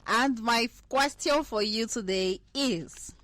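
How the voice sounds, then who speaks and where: A woman hosting a casual chat, ranting in an animated, teasing way and repeating her words. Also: on the high side, takes it slowly. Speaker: podcast host.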